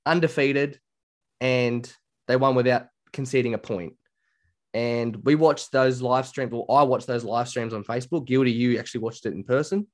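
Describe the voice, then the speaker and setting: An Australian man co-hosting a casual podcast chat, telling stories in a chatty, animated way. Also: mid-range voice. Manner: chatty, animated storytelling with quoted voices. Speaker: podcast co-host.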